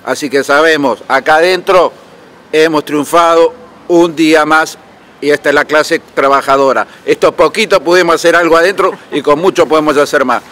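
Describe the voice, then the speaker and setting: A man's voice: fairly high pitch, quick pace, fairly bright tone. A man protester giving a rallying speech outdoors on the street. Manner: rallying, declamatory.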